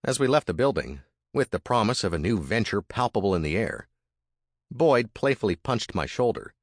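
Deep, lively male storyteller, dry close recording. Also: normal speed, dry recording. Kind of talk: first-person audiobook narration.

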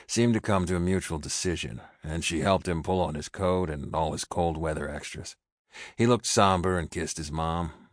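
A man reading a first-person story aloud in a measured, introspective way. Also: sits low, no room sound, studio quality. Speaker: audiobook narrator. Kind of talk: first-person scripted narration.

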